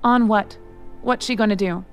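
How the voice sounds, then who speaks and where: A woman's voice: mid-range voice, fairly even intonation, normal speed, smooth, close to an everyday voice. A woman voicing a bossy young female music executive who shrieks and sneers. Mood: angry. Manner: shrieking, scornful.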